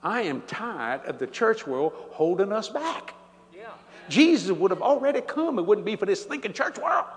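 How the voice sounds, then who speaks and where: A man's voice: high-pitched, big pitch swings, normal speed. An older man preaching a sermon, telling stories animatedly and laughing along as he goes. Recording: church hall reverb.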